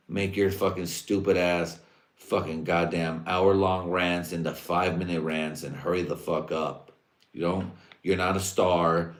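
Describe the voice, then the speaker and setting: Deep-voiced profane man rambling. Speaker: livestream host. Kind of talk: casual rambling monologue. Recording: roomy echo.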